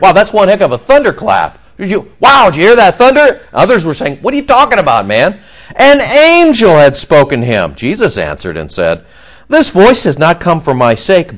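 A male pastor delivers a sermon with a lively, swinging pitch that sits a little high for a man. He works through a scripture passage and keeps breaking into quick acted asides in the voices of the crowd.

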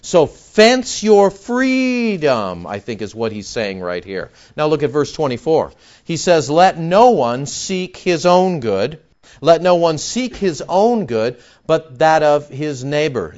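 A man's voice: mid-range voice, a little mellow, lo-fi sound. A man preaching an expository sermon as pastor, talking conversationally and asking the congregation rhetorical questions.

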